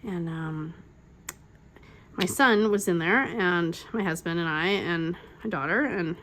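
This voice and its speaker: A woman's voice: on the low side, takes it slowly, fairly bright tone. A middle-aged woman hosting a crafting channel, telling stories in casual chat, rambling with lots of "like" fillers and frequent laughs. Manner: chatty, rambling, full of "like" fillers.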